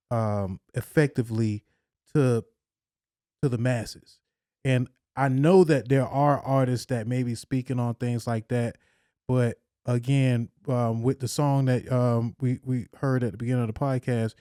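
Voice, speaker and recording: A man's voice: mid-range voice, mellow, smooth, no echo, studio quality. A man co-hosting a podcast, asking a guest questions in casual conversation, hesitant and reflective with many fillers. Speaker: podcast co-host. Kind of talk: casual interview chat.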